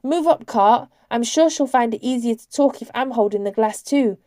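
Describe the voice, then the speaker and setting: A woman's voice: fairly high pitch, normal speed, dark tone, no room sound, studio quality, voice pushed up, lightly acted. A woman reading aloud, voicing an earnest, emotional girl who pleads fervently with a ghost in a raised voice.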